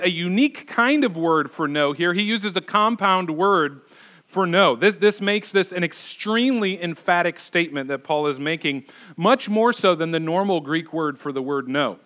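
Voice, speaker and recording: A man's voice: a little high, pushed and bright. A middle-aged male pastor preaching a sermon, emphatic and repeating words for stress.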